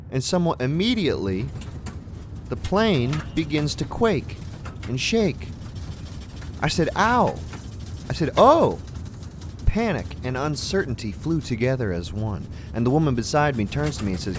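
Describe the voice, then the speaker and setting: Deadpan man telling an absurd story. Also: medium pitch, a little hiss or hum. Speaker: comic narrator. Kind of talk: deadpan comic monologue.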